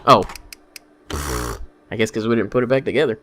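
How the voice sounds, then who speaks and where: A man's voice: medium pitch, a little fast, sharp tone. A man who works as a car mechanic commentating on a game, muttering to himself in a wry, exasperated way. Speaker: gameplay commentator. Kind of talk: let's play commentary.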